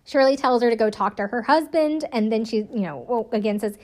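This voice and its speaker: Brisk and with few pauses, this woman's fairly high, darkish voice runs through a reality TV episode recap. She's chatty and profane, laughs a lot, and fills her talk with "like."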